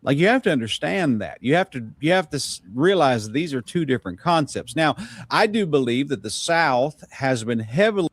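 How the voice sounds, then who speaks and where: A man from Georgia rambles through a casual opinion, leaning on fillers as he talks. His voice sits a touch high and the sound is dry and close. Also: big pitch swings, moderate pace, no room sound.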